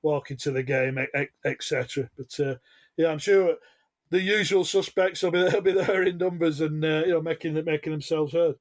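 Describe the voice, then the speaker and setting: A man's voice: a little high, steady tone, moderate pace. A man, a football reporter chatting on a podcast, rambling with many fillers. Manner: rambling, lots of uh and you know. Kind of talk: casual football podcast chat.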